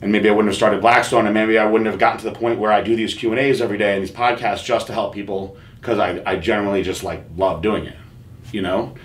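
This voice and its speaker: A man hosting a podcast, telling a personal story in an earnest, halting way with many fillers and restarts. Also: lowish voice, fairly even intonation, roomy sound. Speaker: podcast host.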